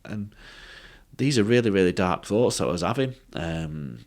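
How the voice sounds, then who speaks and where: A man telling a personal story as a podcast guest, halting and full of fillers and restarts. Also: low voice, lively intonation, a little mellow. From England.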